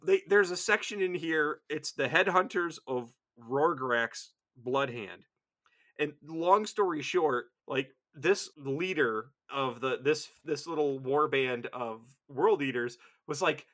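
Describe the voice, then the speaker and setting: A man's voice: fairly high pitch, slow pace, a bit bright. A man co-hosting a podcast in casual chat, rambling, profane and enthusiastic. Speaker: podcast co-host.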